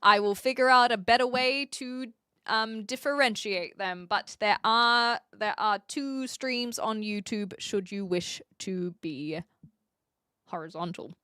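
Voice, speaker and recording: A woman's voice: medium pitch, measured pace, sharp tone, clear, resonant tone, dry recording, studio quality. A woman from New Zealand with a Kiwi accent, chatting casually with viewers on a live stream, upfront and laughing often.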